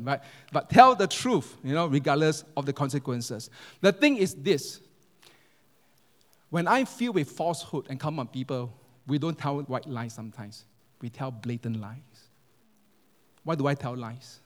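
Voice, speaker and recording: In a church hall, a pastor with a medium-pitched, animated voice preaches at a normal speed, weaving humorous stories and putting questions to the congregation. The recording sounds echoey.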